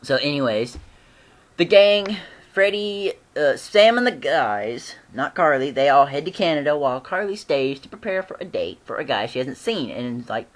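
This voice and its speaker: Chatty excitable fan recapping an episode. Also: medium pitch, normal speed. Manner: chatty, excitable, acts out characters' lines; frequently clears throat and laughs.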